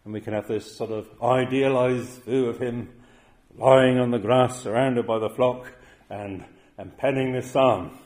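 A male pastor delivering a sermon at an unhurried pace. His pitch sits in an ordinary middle range, and he leans on quoted verses with deliberate emphasis. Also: steady tone, a little mellow. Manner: measured, emphatic preaching with slow quoted verses.

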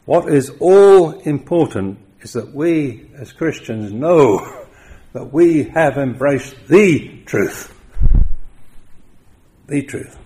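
A man preaching a sermon, with emphatic stresses that rise loud and then drop quiet. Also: fairly high pitch, lively intonation, drawn-out words.

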